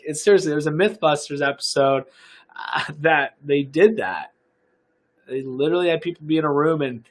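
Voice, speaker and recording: A young American man coaching fitness on a live stream, his voice sitting a little high for a man. He talks casually and upbeat, rambling with fillers and restarts as he pitches a product to viewers. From United States.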